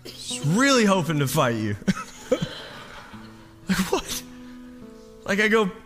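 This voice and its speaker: Man, pastor, high bright voice, animated self-mocking storytelling, long church-hall reverb, faint guitar behind. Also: slow pace. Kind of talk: storytelling sermon.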